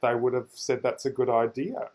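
A man co-hosting, speaking hesitantly with halting restarts in casual chat. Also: medium pitch, a little mellow.

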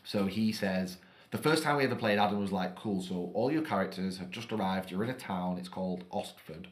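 A man's voice: low-pitched, a little fast. A young man chatting casually, explaining things in a rambling, self-correcting way. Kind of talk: casual chat.

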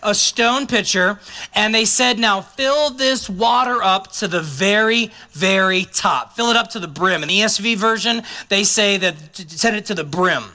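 A man's voice: high-pitched, moderate pace, sharp tone. A man preaching a sermon as a pastor, talking conversationally and dropping joking asides to the congregation.

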